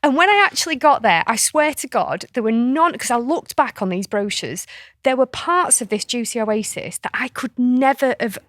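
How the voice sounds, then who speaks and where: A woman tells a story on a podcast, with animated delivery. She acts out the voices and laughs often. The mic is close and dry. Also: fairly high pitch, normal speed, no room sound. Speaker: podcast co-host. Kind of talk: casual storytelling chat.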